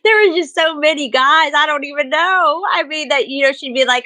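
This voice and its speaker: Female podcast guest, lively storyteller, high and bright voice. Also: normal speed, hardly any pauses. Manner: lively storyteller, laughs often. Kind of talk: casual podcast chat.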